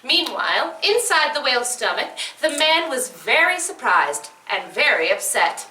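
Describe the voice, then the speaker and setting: A woman narrating a children's story in a playful, expressive read-aloud style. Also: high voice, normal speed, few pauses. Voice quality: animated, expressive. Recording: roomy echo from a distant mic.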